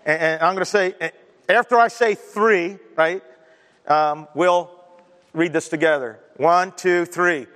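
A man's voice: high-pitched, unhurried, fairly bright tone, big-room sound. A man preaching a sermon to his congregation, mixing scripture reading with chatty asides, then leading a prayer. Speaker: pastor. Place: church sanctuary.

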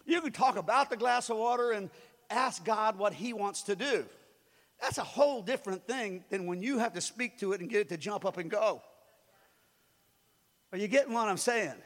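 High-voiced joking preacher in a reverberant hall. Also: male voice, lively intonation, normal speed, a bit bright. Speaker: pastor. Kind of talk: sermon. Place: church sanctuary. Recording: long reverb of a large hall.

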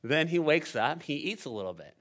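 A man preaching a sermon, telling a story and building to loud climaxes. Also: a little high, big pitch swings, brisk. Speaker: pastor.

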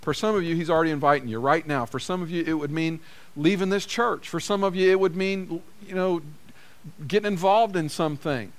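A man's voice: fairly high pitch, a little fast. A man preaching a sermon as a pastor, in a conversational way, repeating phrases for emphasis. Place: church.

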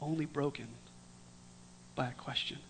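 A man preaching a storytelling sermon in a conversational way, with dramatic swings from lively to hushed. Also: on the high side, moderate pace, slight background noise. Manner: conversational with restarts.

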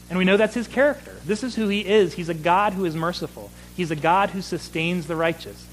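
A man's voice: a little high, slight background noise, low-quality recording. A man in his thirties preaching a sermon as pastor, earnest, building emphasis with repeated phrases.

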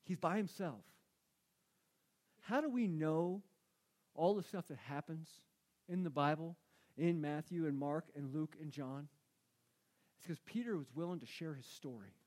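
Man, pastor, sermon, high-pitched for a man, conversational, emphatic, repeats phrases. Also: unhurried, pauses often, a little mellow.

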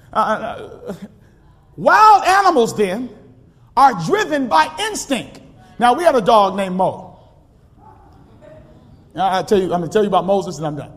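A man preaching a sermon in a church, calling out to the congregation and swinging from shouting to quiet storytelling. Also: very high voice, sing-song, moderate pace, pauses often. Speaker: pastor. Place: church sanctuary. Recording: long hall reverb.

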